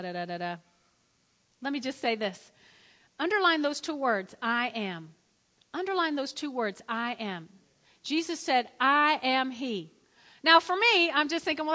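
A woman's voice: high voice, bright, forceful tone. A woman preaching a sermon, telling the story dramatically and acting out the quotes. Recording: long hall reverb.

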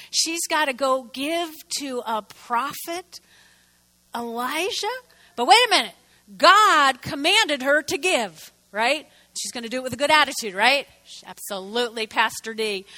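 A woman pastor preaching a lively, playful sermon to her congregation, acting out the Bible figures in quotes. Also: high-pitched, poor audio.

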